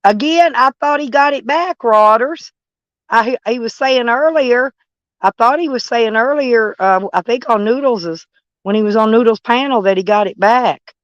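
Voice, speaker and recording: A woman's voice: a little high, normal speed, no echo. Woman, casual livestream chat, blunt, swears freely, says honey, lo-fi dull sound, dry. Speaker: livestream host.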